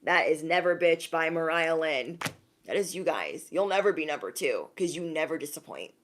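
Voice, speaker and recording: Young female livestreamer, lower voice, animated chatty spiritual reader. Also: moderate pace, noisy background. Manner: animated, laughs often, reads out viewer names. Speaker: intuitive reader livestreaming to viewers. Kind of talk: casual livestream chat.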